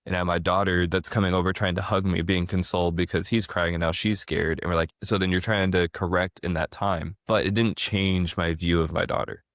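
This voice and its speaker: Man, thirties, podcast host, very low voice, dry close sound, animated storytelling, casual. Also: a little fast, hardly any pauses, no echo. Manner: animated storyteller, frequent restarts. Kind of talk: casual conversation.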